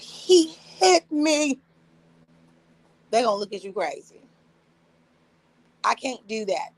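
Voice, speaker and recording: A woman's voice: medium pitch, poor audio. A woman in her forties chatting casually on a livestream, telling blunt, profane stories and acting out quotes in other voices with frequent laughter. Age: 40s. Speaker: live streamer.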